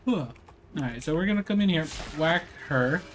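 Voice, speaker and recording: A man's voice: on the high side, lively intonation, moderate pace, a bit bright, a little hiss or hum. Rambling young man playing a game. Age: young adult. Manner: rambling, lots of fillers and slang. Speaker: gameplay streamer. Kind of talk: casual gameplay commentary.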